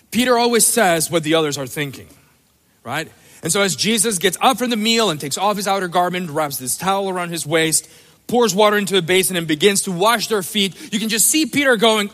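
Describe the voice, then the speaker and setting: Man, pastor, sermon, high voice, emphatic, playful asides, reverberant church. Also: animated, moderate pace, fairly bright tone.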